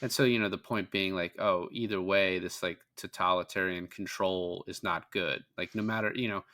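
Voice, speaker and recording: A podcast co-host recaps a film in a casual, rambling, profane way, quoting characters in passing. His low voice has a sharp tone, fairly even intonation, and a moderate pace.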